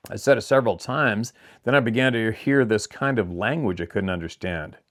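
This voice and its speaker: A man with a fairly low voice reads a viewer's letter aloud. He keeps a plain, steady storytelling pace and breaks in with brief remarks of his own, the way a channel host does. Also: brisk.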